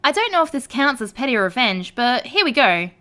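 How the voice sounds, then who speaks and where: A woman narrating online stories aloud in a lively storytelling read. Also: high voice, brisk.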